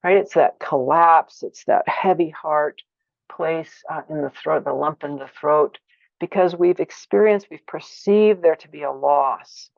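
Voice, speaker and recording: A woman giving a workshop lecture, expressive, acting out feelings with sighs and exclamations. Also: low-pitched, creaky, no echo, highs cut off. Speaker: teacher of a conflict practice.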